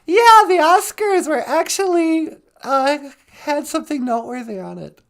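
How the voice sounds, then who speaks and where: A woman co-hosting a casual live stream. She chimes in with quick, teasing banter in a high voice. Her tone is light and playful. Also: animated. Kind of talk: casual chat.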